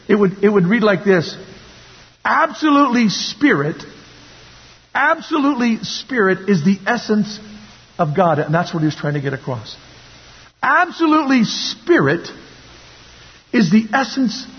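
High-voiced husky preacher in a reverberant hall. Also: male voice. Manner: emphatic, repeating phrases, calls the congregation to repeat words. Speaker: pastor. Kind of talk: sermon. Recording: dull lo-fi recording with long hall reverb.

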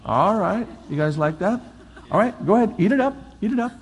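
A man preaching as a pastor, energetic and coaxing, often repeating his calls to the crowd. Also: sits high, brisk. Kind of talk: lively sermon demonstration. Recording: long hall reverb, faint crowd.

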